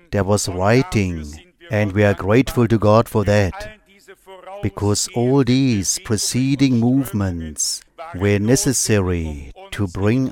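A man preaching a sermon in slow, measured, short phrases. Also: lowish voice, a little mellow.

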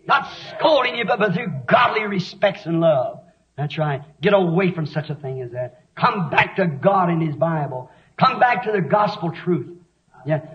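A man preaching a sermon with fervent, rapid delivery that rises into shouts. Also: high-pitched. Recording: echoey dull lo-fi sermon recording.

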